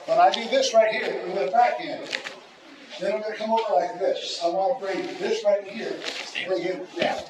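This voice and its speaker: A man's voice: sits high, steady tone, normal speed. Joking man instructor in an echoey hall. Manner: joking, repeats words, talks through demonstrations. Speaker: self-defense instructor. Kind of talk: teaching a martial arts seminar. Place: large echoey training hall. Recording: echoey hall from far off with loud room noise.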